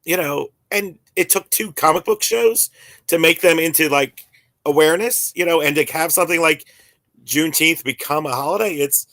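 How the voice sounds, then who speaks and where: A man in his forties talks casually on a podcast, circling his point with fillers and restarts. His voice sits a little high. The recording is dry and close, with no room sound. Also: moderate pace, a bit bright, no room sound. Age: 40s. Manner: rambling, full of fillers and restarts. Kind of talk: casual chat.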